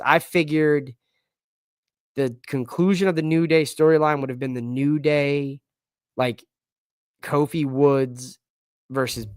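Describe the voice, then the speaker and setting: A man's voice: mid-range voice, no room sound, studio quality. A man hosting a casual live-stream wrestling show, talking loosely with slang and lots of fillers. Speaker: wrestling podcast host.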